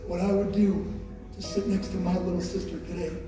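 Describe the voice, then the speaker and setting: Man, motivational speaker, emphatic storytelling to an audience, high voice, distant, long hall reverb. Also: little pitch movement, brisk, over music. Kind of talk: motivational speech to a school assembly. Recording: echoey hall from far off.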